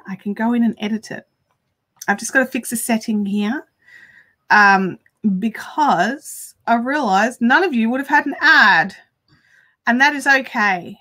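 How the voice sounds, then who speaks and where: Bright-voiced Australian woman streaming crafts. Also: fairly high pitch. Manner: chatty, rambling, quick to laugh. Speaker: crafting livestream host. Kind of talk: casual livestream chat.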